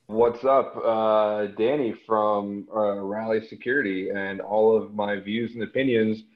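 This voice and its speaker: A man's voice: lowish voice, fairly even intonation, unhurried. A man on a podcast video call with a laid-back, dry joking delivery. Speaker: podcast guest. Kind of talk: casual group chat. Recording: dull lo-fi call audio.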